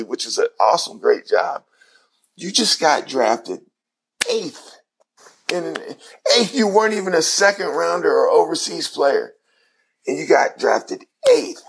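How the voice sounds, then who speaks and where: In an interview, a middle-aged man who once played basketball recounts his life, imitating the voices of those he quotes. He speaks at medium pitch with a creaky, slightly rough quality.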